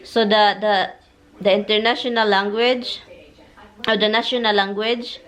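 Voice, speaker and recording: A woman's voice: medium pitch, fairly even intonation, normal speed, a bit bright. A woman in her thirties with a Filipino accent, chatting casually on her vlog and patiently explaining things. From Philippines. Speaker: vlogger. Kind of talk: casual chat mixing English and Tagalog.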